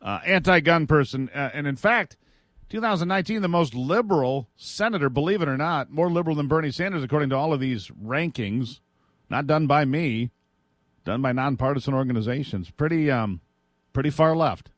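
A man's voice: fairly high pitch, expressive, brisk, a bit bright, dry recording, studio quality. A man hosting a political talk radio show, opinionated and chatty, laughing now and then.

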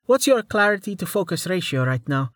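Teasing, bossy young archer girl for a storybook reading, high and lilting, done by a man. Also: big pitch swings, a little fast, fairly bright tone, no room sound, studio quality. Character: quick-witted young woman archer, teasing.

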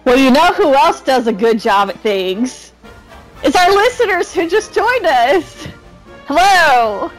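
A woman's voice: sits high, big pitch swings, takes it slowly, faint music behind, poor audio. Upbeat woman hosting a podcast. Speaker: podcast host. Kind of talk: casual podcast chat.

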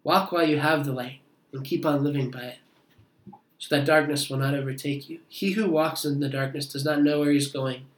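A man's voice: on the high side, roomy sound, poor audio. A man preaching a sermon, reading scripture aloud and explaining it with earnest asides. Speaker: pastor.

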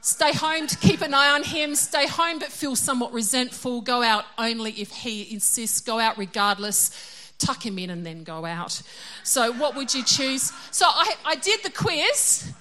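A middle-aged woman preaches in a casual, conversational way and keeps laughing at herself. Her voice is bright and sits a little high. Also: normal speed, hardly any pauses, slight background noise. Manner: chatty, self-deprecating, laughs often. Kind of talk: casual sermon.

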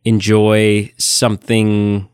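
A man co-hosting a podcast in a casual, enthusiastic chat, his voice sitting on the low side. He talks emphatically and animates his retellings. The sound is dry and close. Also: completely flat delivery, extremely slow, a little mellow, clear, resonant tone, no echo. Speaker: podcast co-host.

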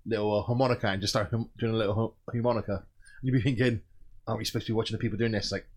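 Fast-talking, low-voiced man chatting. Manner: animated storytelling, recaps soap plots with quick quoted voices. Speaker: podcast co-host. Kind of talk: casual chat.

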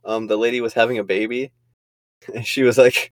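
A man's voice: mid-range voice, flat delivery, brisk, dry recording. A young man co-hosting a podcast in casual chat, laughing often and rambling through crude jokes. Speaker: podcast co-host.

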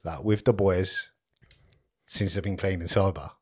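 A man's voice: deep voice, unhurried, a little mellow, breathy edge. A man with a London accent, co-hosting a casual garage podcast, blunt and laid-back, laughing often. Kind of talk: casual chat.

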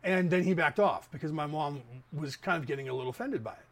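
Talking quickly in a slightly high voice, a Bay Area man in his fifties hosts a podcast monologue full of casual opinions. He rambles and speaks directly to the people listening.

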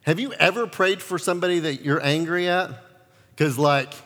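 A male pastor preaching a sermon, telling stories with lively acted-out quotes. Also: a little high, moderate pace, in a large hall. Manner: animated storytelling, acts out quotes.

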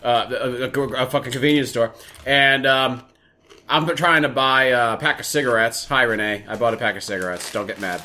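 A man hosts a casual comedy podcast with a bright, forward voice. He jokes crudely and laughs at his own bits as he tells a story to his co-host. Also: mid-range voice, moderate pace, slight background noise. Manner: crude, joking, laughs often.

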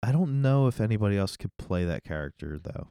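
A man's voice: fairly low pitch, expressive, a little fast, mellow, clear, resonant tone, no echo, studio quality. A middle-aged man co-hosting a podcast in casual chat, rambling and correcting himself, often laughing. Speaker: podcast co-host.

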